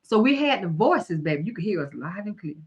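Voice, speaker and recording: A woman's voice: medium pitch, sing-song, brisk. A middle-aged woman hosts a casual live-stream chat, talking folksy and calling listeners honey and baby. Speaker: host.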